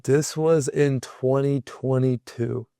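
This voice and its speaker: A man's voice: mid-range voice, fairly even intonation, slow, warm tone, no room sound, studio quality. A young man, a podcast guest, telling a personal story in a casual, rambling way with lots of "like". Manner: rambling, heavy use of filler "like".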